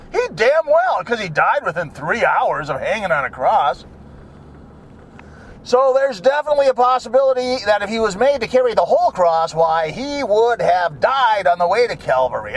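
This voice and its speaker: A man rambling and joking irreverently in a casual monologue from his car. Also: high voice. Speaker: vlogger. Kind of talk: casual monologue while driving.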